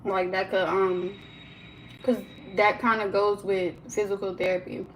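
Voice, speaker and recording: A young woman, chatting on a live stream from her kitchen at home. She talks in an animated, loose way, with plenty of fillers and quick asides, over a faint hum of room ambience. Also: medium pitch, rough recording. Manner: chatty and animated, lots of "like" fillers, laughs often. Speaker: livestream host. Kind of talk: casual live-stream chat.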